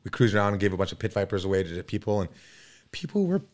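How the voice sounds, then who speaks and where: A man in his fifties from Canada tells stories as a podcast guest. He is animated and rambling, and he fills his talk with fillers. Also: low voice, very fast. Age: 50s. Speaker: podcast guest, pro mountain biker. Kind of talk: casual storytelling.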